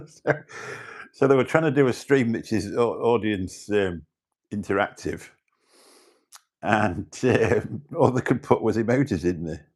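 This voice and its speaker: A British man hosting a livestream, chatting casually and rambling as he greets viewers in the chat. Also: on the low side. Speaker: livestream host.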